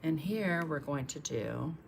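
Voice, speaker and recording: Low-voiced woman teaching painting. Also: animated, measured pace, creaky, a little hiss or hum. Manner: chatty, thinks aloud while painting; reads out and thanks viewers' comments. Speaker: art instructor. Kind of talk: live painting tutorial.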